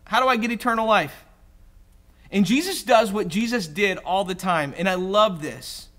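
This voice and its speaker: Bright, high-voiced male pastor preaching. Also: normal speed. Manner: conversational, self-deprecating, voices quoted characters. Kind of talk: sermon. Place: church.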